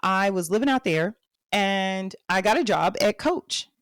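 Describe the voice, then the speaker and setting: A woman's voice: mid-range voice, lively intonation, unhurried, clear, resonant tone, no echo, studio quality. A woman in her thirties with a Texan accent, hosting a podcast and telling her life story candidly, speaking straight to her listeners. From Texas. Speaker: podcast host. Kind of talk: personal storytelling monologue.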